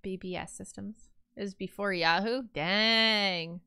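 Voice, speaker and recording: A woman's voice: mid-range voice, normal speed, gravelly, sharp tone, no echo, studio quality. A young woman streamer in casual chat with her viewers, rambling and chatty with lots of fillers.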